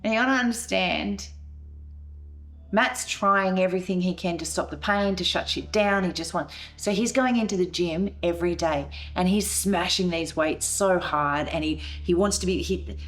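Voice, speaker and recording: A woman telling a painful family story in a documentary interview, acting out the scenes with emotion. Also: on the low side. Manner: emotional, re-enacting scenes with rising voice. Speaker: veteran's wife telling her story.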